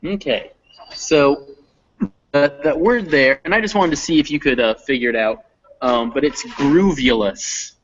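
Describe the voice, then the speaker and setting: A man's voice: a little high, normal speed, fairly bright tone, lo-fi sound. A man teaching an online reading lesson, patiently coaching pronunciation over a video call.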